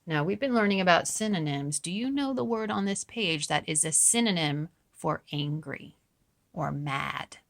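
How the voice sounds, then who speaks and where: A woman teacher reading a storybook aloud to children, stopping to explain words in a gentle, encouraging way. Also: fairly low pitch, expressive, moderate pace, vocal fry.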